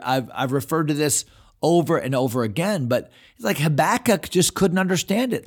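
A man preaching an expository sermon in earnest, paraphrasing scripture in a lively voice, with small restarts. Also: fairly high pitch, normal speed, gravelly, husky. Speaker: pastor. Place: church.

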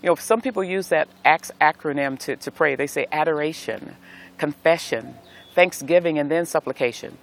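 A man's voice: a little high, moderate pace, creaky, a bit bright. A middle-aged man giving a devotional talk outdoors, speaking as a pastor with a preacherly cadence and repeated phrases. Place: outdoors in nature.

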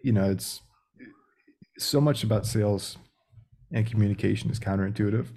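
A man's voice: on the low side, moderate pace, vocal fry, warm tone. A young man speaking as a podcast guest about sales, talking directly and acting out phone calls. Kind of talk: casual interview talk.

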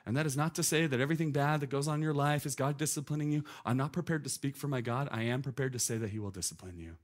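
A man in his thirties preaching a sermon, animated and conversational, with many "like" asides. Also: medium pitch, fast talker. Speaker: pastor.

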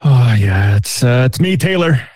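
A man co-hosts a podcast, trading teasing jokes and casual curses. His voice sits at an ordinary pitch and sounds dry and close. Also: big pitch swings, unhurried, a little mellow, no echo. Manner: joking, teasing, profane. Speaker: podcast co-host.

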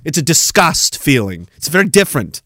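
A man's voice: on the high side, very animated, fairly quick, bright, forceful tone, no echo. A man hosting a podcast, delivering a crude, profane, mocking rant. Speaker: podcast host. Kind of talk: ranting commentary.

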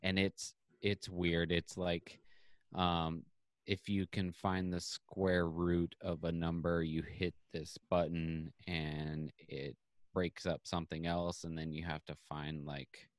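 A man's voice: deep voice, flat delivery, takes it slowly, no room sound, studio quality. A man co-hosting a podcast, explaining things loosely and hesitantly in casual chat. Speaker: podcast co-host.

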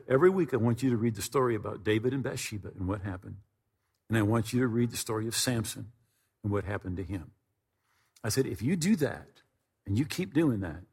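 Husky-voiced man preaching in a hall. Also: medium pitch. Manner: conversational preaching with frequent word repetitions. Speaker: pastor. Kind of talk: sermon. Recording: reverberant hall.

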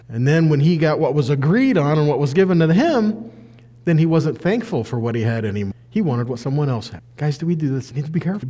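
A man teaching a conversational sermon, animated and acting out the people in the story. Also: on the high side, big-room sound. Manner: animated, acts out quoted voices. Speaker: bible teacher.

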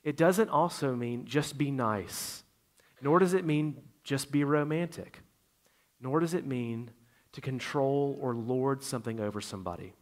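A middle-aged man preaching a sermon in a conversational way, swinging between loud emphasis and quiet asides. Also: mid-range voice, measured pace. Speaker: pastor.

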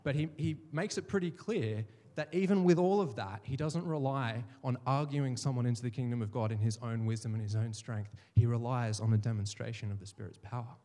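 A man's voice: mid-range voice, fairly quick, few pauses, warm tone. A man preaching a sermon as a pastor, telling stories and acting out the people he quotes. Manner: storytelling, acts out quoted voices. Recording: reverberant hall.

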